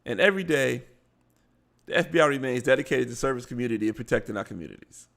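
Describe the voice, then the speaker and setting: A man's voice: mid-range voice, lively intonation, fast talker, vocal fry, a bit bright. A man with a Baltimore accent, hosting a live show, reading news aloud with stumbles and blunt asides. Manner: reads articles aloud, stumbling over words and adding blunt asides.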